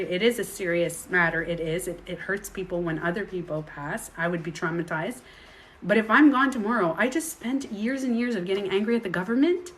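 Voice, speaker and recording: A woman's voice: mid-range voice, a bit bright. A woman coach talking straight to the viewer in a chatty, rambling way, now and then acting out other people's voices. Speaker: self-projection coach. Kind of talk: casual direct-to-camera monologue.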